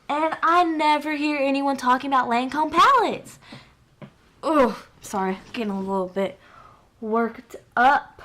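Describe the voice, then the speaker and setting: Young female beauty vlogger, a bit high-pitched, excitable and rambling, casual get-ready chat. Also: normal speed, a little hiss or hum. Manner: chatty, gushing, filler-heavy. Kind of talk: casual makeup tutorial chat.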